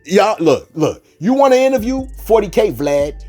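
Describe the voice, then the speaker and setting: A man's voice: high-pitched, wildly swooping pitch, normal speed, few pauses, soft background music. A man casually commenting on celebrity gossip, digressing into preachy asides and mock-quoting people. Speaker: commentary host.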